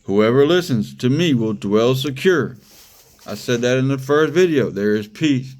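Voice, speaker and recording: A man's voice: medium pitch, lively intonation, measured pace, darkish tone. Brief: male preacher, informal and conversational, drives points home by repetition. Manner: conversational, repeats phrases for emphasis, laughs. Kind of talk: casual sermon.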